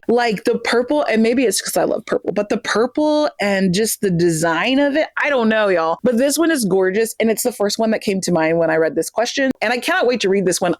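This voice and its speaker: A woman's voice: medium pitch, no room sound. A young woman chatting casually to camera about books, gushing and full of fillers. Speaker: book vlogger.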